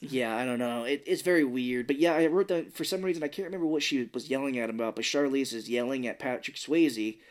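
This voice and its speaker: A man's voice: medium pitch, fast talker, few pauses. A man in casual podcast chat, retelling movie scenes and quoting the characters in put-on voices, with casual swearing and laughter. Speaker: podcast co-host.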